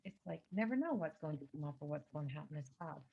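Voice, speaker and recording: A woman's voice: low-pitched, expressive, fast, gravelly, a little hiss or hum. A woman giving a channeled astrology reading at home, talking in an earnest, rambling and emphatic way. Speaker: psychic reader. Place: indoors at home by a window. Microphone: computer camera mic. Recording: slightly dull lo-fi recording.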